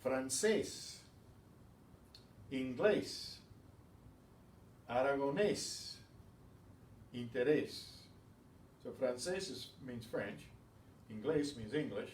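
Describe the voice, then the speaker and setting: A man teaching a beginners' language class, calling out each word loudly and then explaining it more quietly. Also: medium pitch, normal speed. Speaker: Spanish teacher. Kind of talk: slow, patient pronunciation drill. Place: class room. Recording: roomy, from far off, faint hiss.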